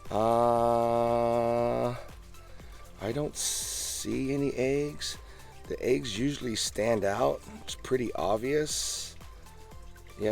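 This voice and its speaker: A man vlogging outdoors beside his backyard koi pond, talking casually and eagerly into a handheld phone camera, his voice jumping up on the exciting bits. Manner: enthusiastic, chatty, pitch jumps up on exciting points. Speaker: fish keeper vlogger. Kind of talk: casual show-and-tell vlog.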